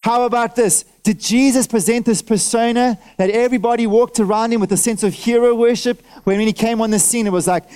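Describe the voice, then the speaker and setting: A preacher with a notably high voice delivers a sermon at a church service. He asks his listeners question after question and checks they are with him, calling for nods and amens. He speaks through a face mask. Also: brisk, hardly any pauses, clear, resonant tone. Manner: animated, fires off rhetorical questions at the congregation.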